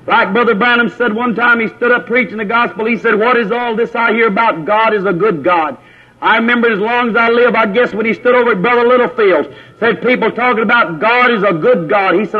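Fiery high-voiced preacher. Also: male voice, normal speed. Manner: fiery and scolding, mocking in quoted voices. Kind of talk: fiery Pentecostal sermon. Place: church. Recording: old dull lo-fi sermon tape.

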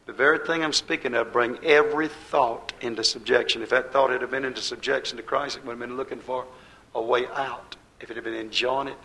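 Gravelly preacher man, folksy sermon. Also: low-quality recording. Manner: folksy, addresses the congregation directly; rises to loud emphatic bursts, then drops low.

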